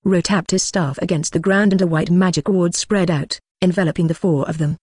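An audiobook narrator reading a fantasy novel in an even, steady way. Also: medium pitch, brisk, husky, no echo.

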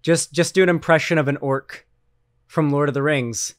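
A man's voice: a little high, fairly even intonation, moderate pace, dry recording, clean studio sound. A man streaming a video reaction, rambling loosely and talking to his chat. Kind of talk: casual commentary chat.

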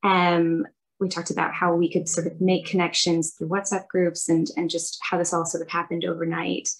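A woman's voice: on the low side, flat delivery, moderate pace, breathy edge, poor audio. A woman reporting back for her group in a webinar, speaking thoughtfully on a video call with some fillers. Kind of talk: casual spoken group report.

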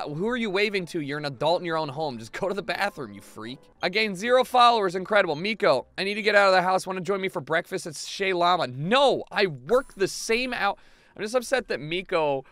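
Excitable young man yelling at a game. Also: fairly high pitch. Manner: excitable, swearing, shouts at the game. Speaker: gaming video host. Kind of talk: casual let's-play commentary.

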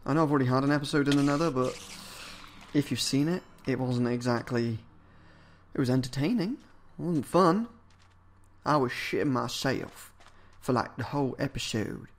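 A man giving casual gameplay commentary as a let's-player, swearing a lot and muttering and yelling at game enemies. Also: mid-range voice.

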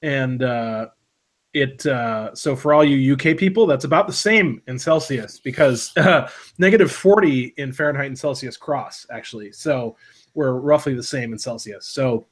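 A man's voice: medium pitch, moderate pace. A man from Minnesota co-hosting a casual live stream, chatty and rambling with many restarts. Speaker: live stream co-host, vape reviewer.

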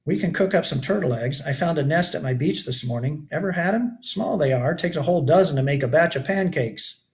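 A man's voice: a little high, lively intonation, a little fast, voice pushed up. A man reading aloud and voicing a weary, rugged older male keeper of a shipwreck shelter who talks in a folksy, lamenting way. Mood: somber. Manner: folksy backwoods grammar, lamenting.

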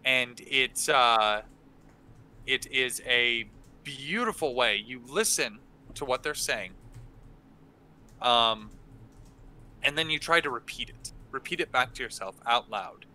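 Bright, crisp-voiced man with many fillers. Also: mid-range voice, slow, long pauses. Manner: hesitant, many fillers and restarts. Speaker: dungeon master hosting a workshop. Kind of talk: casual Q&A talk.

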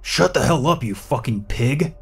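A man doing a gruff, yelling father. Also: mid-range voice, measured pace. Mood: angry. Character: harsh, angry middle-aged father.

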